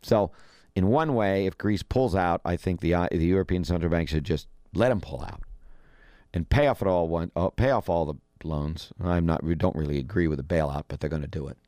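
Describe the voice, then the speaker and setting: A man's voice: sits low, brisk, mellow, dry recording, clean studio sound. A man giving casual, opinionated commentary, folksy and blunt, often acting out what others say in a raised voice. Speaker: financial commentator.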